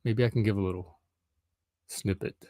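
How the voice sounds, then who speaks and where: A man's voice: on the low side, fairly even intonation, normal speed, mellow, no room sound, clean studio sound. A middle-aged man hosting a casual solo live stream, rambling and hesitant with frequent ums.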